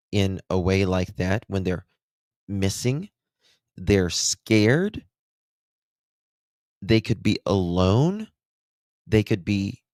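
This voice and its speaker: Appalachian male commentator, deep-voiced, sarcastic, dry sound. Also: darkish tone, no room sound. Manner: blunt and sarcastic, mocking. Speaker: true crime commentator. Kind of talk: commentary reacting to interview clips.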